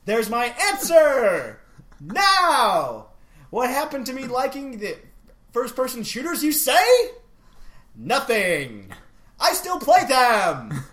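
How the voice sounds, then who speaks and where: A man voicing an over-excited young gamer fan who shouts every sentence as an exclamation. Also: very high voice, slow pace, reverberant, voice pushed up, exaggerated voice. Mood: hyper. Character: hyper, yelling young male gamer fan.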